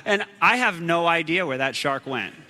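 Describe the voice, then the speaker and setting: Animated man preaching in a reverberant hall. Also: on the high side, moderate pace, slight background noise. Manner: animated, acts out shouts and quotes, laughs at himself. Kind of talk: storytelling sermon.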